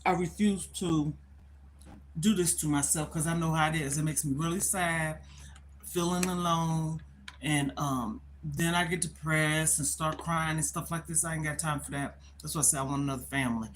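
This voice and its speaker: A woman's voice: low voice, fairly even intonation, normal speed, a little hiss or hum. A middle-aged woman talking candidly on a live stream from her phone. She is worried and close to tears, and she rambles and repeats herself. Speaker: livestreamer.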